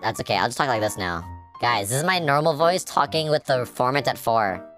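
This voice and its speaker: A man's voice: mid-range voice, animated, a little fast, fairly bright tone, soft background music. A man speaking his normal way through a vocoder with the formant raised, joking and rambling to his stream. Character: formant-shifted version of his own voice. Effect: vocoder formant shift. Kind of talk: live stream chatter.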